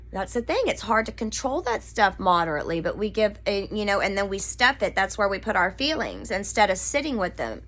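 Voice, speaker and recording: A woman from Pasadena, Texas, USA, who runs an occult vlog, talks casually to her camera from her living room, picked up by the camera mic. Her voice is medium-pitched with a fairly bright tone, and she rambles earnestly with lots of fillers.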